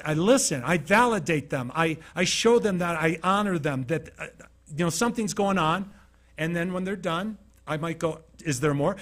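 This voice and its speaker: Giving a motivational keynote, a Utah man with a high-pitched, fairly bright voice tells conversational stories and acts scenes out. Along the way he puts questions to the audience.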